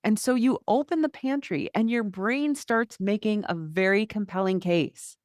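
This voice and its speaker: A woman's voice: mid-range voice, normal speed, a little mellow, no room sound. A middle-aged woman speaks on her own podcast as a health coach, candid and conversational, slipping into little acted-out inner voices. Her voice sits in an ordinary middle range. The sound is dry and close, with no room around it. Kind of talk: solo podcast monologue.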